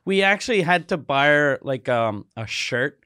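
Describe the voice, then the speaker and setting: A man's voice: fairly high pitch, animated, normal speed, sharp tone, clean tone, no echo, studio quality. A man co-hosting a comedy podcast, chatting casually with many fillers and frequent swearing. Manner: laid-back, swears freely, many fillers. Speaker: podcast co-host.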